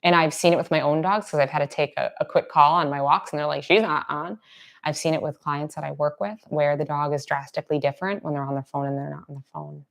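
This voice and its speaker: Woman, low-pitched voice, dog trainer, casual conversational teaching, occasional soft near-whispers. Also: steady tone, fast talker, creaky, few pauses.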